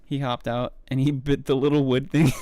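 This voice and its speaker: A man's voice: medium pitch, level tone, moderate pace, warm tone. A male streamer chatting loosely while he works at a microscope, rambling, swearing freely and toying with how words sound. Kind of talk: casual live-stream chat while looking through a microscope.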